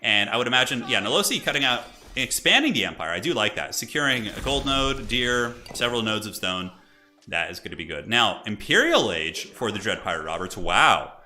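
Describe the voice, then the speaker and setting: A young man streaming and chatting excitably as he commentates a multiplayer strategy game, laughing often. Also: on the low side, fairly quick, faint music behind.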